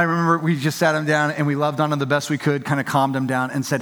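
A man's voice: on the high side, flat delivery, fast talker, hardly any pauses, fairly bright tone. A man preaching a sermon in a conversational, emphatic way, acting out quotes and often restarting his sentences. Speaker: pastor. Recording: long reverb of a large hall.

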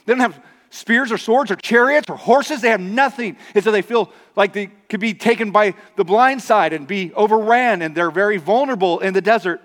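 High-voiced preacher in a reverberant hall. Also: male voice, a little fast, a bit bright. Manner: conversational preaching with acted asides. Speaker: pastor. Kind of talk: sermon. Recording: long reverb of a large hall.

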